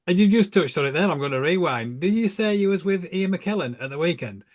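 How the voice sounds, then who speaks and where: A man's voice: high voice, animated, fairly quick. A man co-hosting a casual podcast interview, upbeat, asking questions with laughter. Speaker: podcast co-host.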